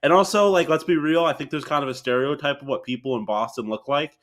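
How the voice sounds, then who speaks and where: A man's voice: on the high side, fast talker, noisy background. A young man in his twenties, a podcast guest chatting casually and rambling with many restarts. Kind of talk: casual chat.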